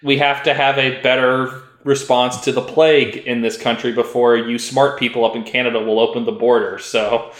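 A man's voice: mid-range voice, flat delivery, moderate pace, few pauses, a bit bright, echoey room. Dry, sardonic American male co-host. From United States. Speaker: podcast co-host. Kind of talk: casual chat.

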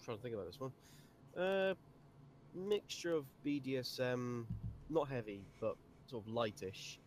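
British man, podcast guest, casual, dry humor, swears freely, mid-pitched voice, faint hiss. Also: expressive, unhurried. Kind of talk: casual chat.

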